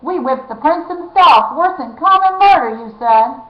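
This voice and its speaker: A woman voicing a scrawny, cackling male outlaw with a shrill edge. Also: lively intonation, normal speed. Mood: excited, sly. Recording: echoey, dull lo-fi room.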